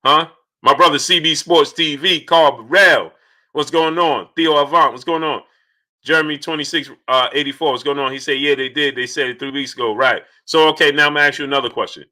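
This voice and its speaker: Bright, animated man hosting a stream. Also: on the high side, brisk. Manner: animated, repeats phrases, shouts out viewers. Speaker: live stream host. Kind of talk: casual live-stream chat reading super chats.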